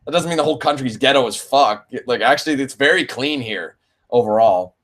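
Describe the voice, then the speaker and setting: A man's voice: medium pitch, animated, brisk, fairly bright tone. A young man hosting a casual live Q&A for his gaming channel, rambling, laughing and swearing freely. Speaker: let's play channel host.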